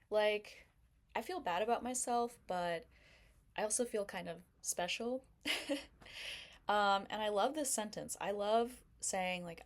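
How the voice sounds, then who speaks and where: A woman's voice: mid-range voice, unhurried. A young woman doing a self-deprecating stand-up comedy set, chatty and full of fillers. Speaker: stand-up comic.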